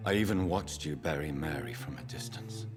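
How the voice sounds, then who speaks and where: A man's voice: deep voice, animated, moderate pace, soft background music. An actor voicing a somber young man, a grieving son, in video game dialogue, speaking in a restrained, grave way.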